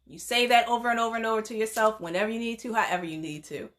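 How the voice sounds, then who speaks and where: A woman's voice: fairly high pitch, fast talker, a bit bright. A woman psychotherapist talking straight to her viewers in a heartfelt vlog, encouraging and chatty. She laughs often and uses informal asides like 'y'all'. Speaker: psychotherapist and counselor. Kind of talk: direct-to-camera heartfelt vlog address.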